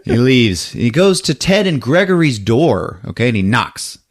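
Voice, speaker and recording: A man's voice: medium pitch, very animated. A man on a podcast retelling a film scene by scene, laughing often and acting out the characters' lines. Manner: laughs often, acts out movie lines in quick voices. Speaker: podcast co-host recapping a film. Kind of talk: animated casual retelling.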